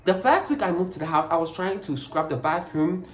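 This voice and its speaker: A young man tells a storytime vlog. He is emphatic and animated, and he keeps firing rhetorical questions. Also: high-pitched, a little fast. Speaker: vlogger. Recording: roomy echo, faint background noise.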